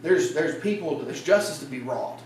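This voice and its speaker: A man preaching a casual evening sermon in a church, telling the story in a lively way and acting out the lines. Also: on the high side, moderate pace, a little hiss or hum. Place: church sanctuary. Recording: roomy church sound from a distant mic.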